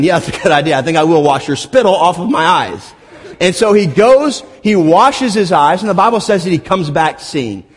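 A man's voice: high-pitched, slightly rough. A man preaching a sermon, retelling scenes with playful asides and humor. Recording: long hall reverb.

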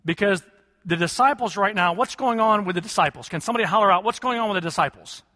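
Pastor guy preaching, high bright voice, keeps asking the crowd to holler back, long hall echo. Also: fast talker. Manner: preaching with call-and-response questions to the congregation. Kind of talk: sermon.

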